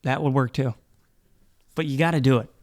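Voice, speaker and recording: A man's voice: medium pitch, fairly even intonation, brisk, a little mellow. A man hosting a solo podcast in a rambling, playful and profane style, often restarting his sentences. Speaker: podcast host. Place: indoor studio set with black background.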